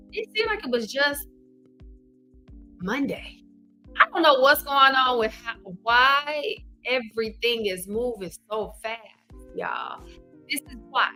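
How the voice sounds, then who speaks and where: A chatty middle-aged woman with a Southern twang hosts a late-night livestream, calling out viewers by name and peppering her talk with "y'all." Her voice is bright and slightly high, with faint music behind her. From Arkansas. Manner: chatty, energetic, greets viewers by name, says "y'all" and "child". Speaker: love coach and livestream host. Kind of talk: casual livestream chat.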